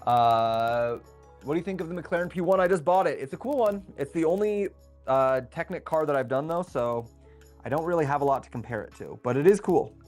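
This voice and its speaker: A young man hosting a casual livestream. He thinks aloud while building and reads viewer messages aloud in a relaxed, chatty way. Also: fairly high pitch, a little fast, soft background music. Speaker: livestream host building a LEGO set.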